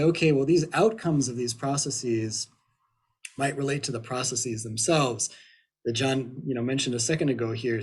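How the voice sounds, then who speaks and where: A man presenting research in a webinar, slightly hoarse from allergies, hesitant with many fillers and restarts. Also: mid-range voice, a little mellow. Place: at home in Ohio.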